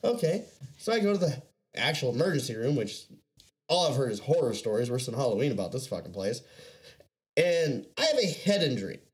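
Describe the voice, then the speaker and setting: Young man, casual storyteller, profane and rambling, lively swinging pitch. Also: a little fast. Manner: rambling, profane, laughing often.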